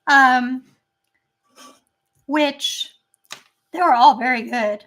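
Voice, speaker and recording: Bright high-voiced woman, chatty and rambling. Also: very slow, long pauses. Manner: chatty, rambling with many fillers. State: voice strained, not great right now. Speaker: channel host. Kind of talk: casual chat.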